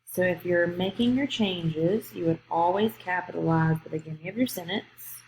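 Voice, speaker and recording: A woman teaches a grammar lesson to young students in a somewhat low voice. She walks through each point patiently and checks that the class is following. The recording is in an echoey room with faint ambient noise. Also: normal speed, darkish tone. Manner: patient, explains step by step, checks in with "okay?".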